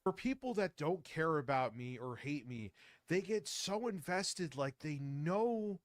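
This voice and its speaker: A man's voice: a little high, animated, a little slow, no echo, studio quality. A man giving casual reaction commentary on a stream, blunt and sarcastic, swearing freely.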